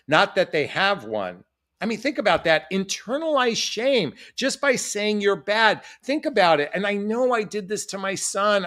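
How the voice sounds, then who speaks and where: A man's voice: sits high, fairly bright tone. A middle-aged man, a dating coach, talking earnestly and reflectively to his viewers from a room at home. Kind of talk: direct-to-camera advice talk. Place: home room with family photos behind.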